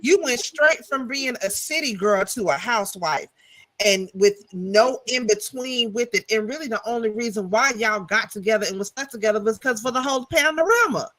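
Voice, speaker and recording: Co-hosting a casual live TV review chat, a woman talks with sass, bluntness and slang. Her voice is fairly high, expressive and a bit bright, at a moderate pace.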